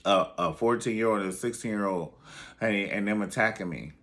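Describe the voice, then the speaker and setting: A man's voice: on the low side, brisk, fairly bright tone. A man giving casual, dramatic commentary on a reality show, sassy and calling the listener honey. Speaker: reality TV reviewer.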